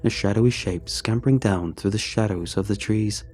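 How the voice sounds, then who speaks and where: A man narrating a first-person horror story in a measured, tense, scripted way. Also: lowish voice, darkish tone, soft background music.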